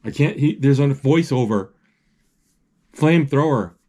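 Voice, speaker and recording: With an expressive, mellow, mid-range voice, a man gives a running account of a film he's watching. He's halting, often hunting for words, restarting sentences and using fillers.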